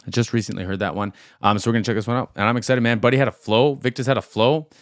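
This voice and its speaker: A man's voice: mid-range voice, steady tone, racing, no echo, studio quality. A man hosting a music reaction video, talking casually and rambling aloud with lots of fillers as he thinks.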